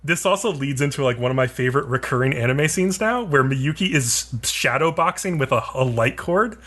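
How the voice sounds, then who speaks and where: Bright-sounding guy cohosting a podcast, rambly casual recap, tons of likes and swearing. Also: medium pitch, expressive, brisk. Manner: rambling, filler-heavy, profane, laughs often. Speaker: podcast co-host. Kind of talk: casual anime recap chat.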